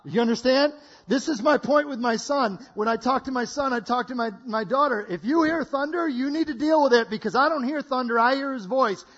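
A man preaching a lively sermon to a congregation, acting out voices and laughing between lines. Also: very high-pitched, a little fast, lo-fi sound. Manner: animated, acts out voices, laughs often. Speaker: guest preacher. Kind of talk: energetic sermon.

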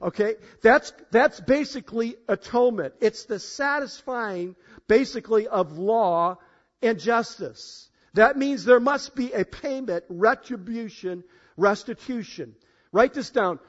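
High-voiced preacher, loud then hushed. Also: male voice, expressive, slow. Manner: emphatic, swings between loud declarations and low asides; addresses congregation directly, asks for show of hands. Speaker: pastor. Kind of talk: sermon. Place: church in front of a congregation. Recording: dull, lo-fi sound.

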